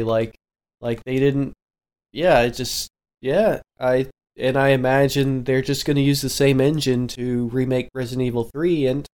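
A man with a clear, smooth voice chatting on a gaming podcast. He goes along easily with his co-host and often stops and restarts his sentences as he works out what he wants to say. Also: medium pitch, a little mellow. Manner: hesitant, restarts often, agreeable. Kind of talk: casual gaming chat.

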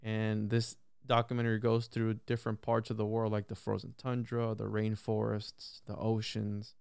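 A man chatting on a podcast, telling a story in a loose, animated way that is heavy with swearing and filler words. His voice is smooth and clear, and the sound is dry and close, with no room echo. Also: on the low side, normal speed. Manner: animated, profane storytelling full of "bro" and "like". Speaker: podcast guest or host. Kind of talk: casual podcast conversation.

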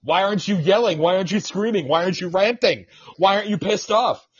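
A man's voice: high voice, fast talker, husky, no room sound. A man hosting an independent radio show, ranting and teasing his co-host in casual, profane talk. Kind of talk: casual podcast rant. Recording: dull lo-fi sound.

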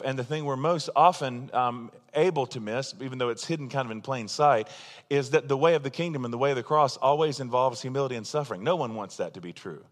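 A man's voice: mid-range voice, in a large hall. A man preaching a sermon as pastor, talking in a casual, emphatic way and poking fun at himself. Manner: conversational, self-deprecating, emphatic.

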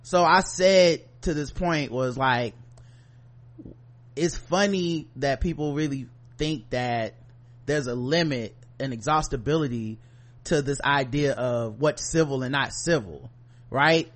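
A man co-hosting a podcast, ranting in casual chat, profane and animated, with mocking asides. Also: mid-range voice, takes it slowly. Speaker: podcast co-host.

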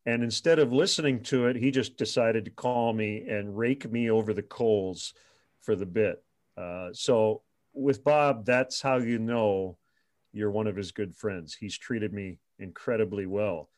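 A former radio sports reporter telling stories in an interview, animated and chuckling often. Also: male voice, fairly low pitch, unhurried. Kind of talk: storytelling in an interview.

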